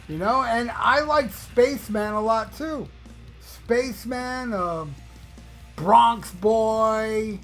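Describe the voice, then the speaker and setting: A man's voice: high-pitched, fairly bright tone. A man hosting a podcast, talking in a casual monologue as a blunt, profane, ranting fan. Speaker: podcast host.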